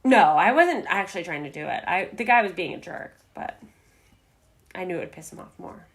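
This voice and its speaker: A young adult woman guesting on a podcast, chatting casually in an excitable, emphatic way and laughing often. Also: on the low side, a little fast, creaky. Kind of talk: casual recap chat.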